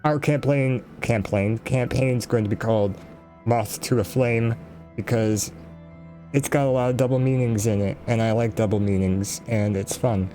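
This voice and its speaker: Excited rambling man. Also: mid-range voice, normal speed, faint music behind. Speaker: player, game master of another show. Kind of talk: casual chat.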